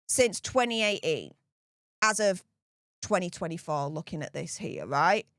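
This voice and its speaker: A woman's voice: fairly high pitch, fairly bright tone, dry recording, studio quality. A woman giving solo political commentary, reading out figures and then firing off indignant, emphatic rhetorical questions. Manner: reads out statistics slowly, checking in with "okay?".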